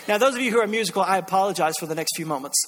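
Bright high-voiced preacher man. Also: racing, slight background noise. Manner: animated storytelling, acts out voices, laughs often. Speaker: pastor. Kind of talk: sermon with personal story.

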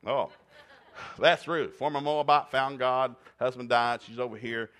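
A preacher man from East Tennessee tells a Bible story as a comic sermon. He talks in a folksy, plainspoken way, slipping jokes into the teaching at a middling pitch. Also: fairly even intonation, a little slow, fairly bright tone. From East Tennessee, USA.

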